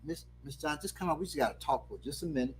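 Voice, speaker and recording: A man voicing a calm, firm mother who confronts a neighbor, quiet and steady, while telling a story. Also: sits low, fast talker, slight background noise.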